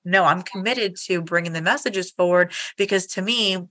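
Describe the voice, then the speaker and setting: A woman's voice: on the low side, moderate pace, sharp tone. A woman hosting a podcast as a medium, talking candidly and swearing as she acts out her own inner voices. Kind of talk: casual chat.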